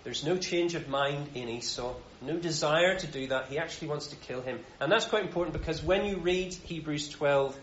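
A man's voice: on the high side, moderate pace, hardly any pauses, a bit bright, a little hiss or hum. A man giving an informal sermon as a Bible teacher, talking in a casual, conversational way with frequent restarts. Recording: roomy, dull sound.

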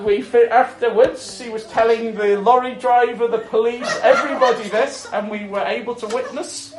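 A man preaching a sermon, telling stories expressively, with loud emphasis and soft, intense passages. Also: very high voice, animated, moderate pace, hardly any pauses. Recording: echoey room with faint ambience.

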